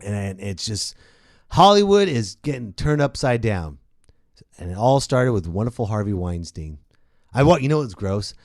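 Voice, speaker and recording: Male comedy host, gravelly voice, dry close sound, profane sarcastic rant. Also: on the low side, very animated, moderate pace, a little mellow, no room sound. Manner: profane, sarcastic, switching into impressions. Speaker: podcast host.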